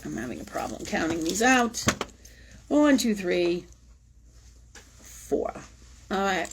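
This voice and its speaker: A woman's voice: mid-range voice, animated, slow, a little hiss or hum. A woman hosting a spiritual livestream, talking through a personal story in an intense, emotional way, swearing freely and repeating phrases for emphasis. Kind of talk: personal confessional monologue.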